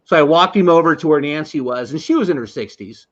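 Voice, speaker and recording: A man co-hosting a casual sports chat show, telling quick anecdotes in an animated way. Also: on the high side, muffled recording. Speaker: podcast co-host.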